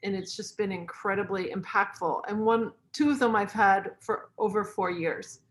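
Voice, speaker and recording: A woman's voice: mid-range voice, moderate pace. A woman hosting an online leadership conference, chatting in an encouraging way with a speaker. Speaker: conference host. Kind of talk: casual chat with a guest speaker.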